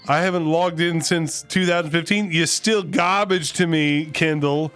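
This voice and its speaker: Smooth-voiced male streamer, joking. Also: a little high, steady tone, unhurried, fairly bright tone, soft background music. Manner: joking, rants and teases chat. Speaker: streamer host. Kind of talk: casual livestream chat.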